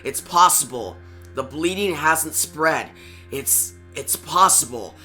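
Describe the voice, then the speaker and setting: A man reading out the lines of a grieving masked hero in a low, hushed voice. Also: animated, slow pace, faint music behind, heavily acted. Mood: sorrowful, hushed. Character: grim male caped hero, grieving and quiet.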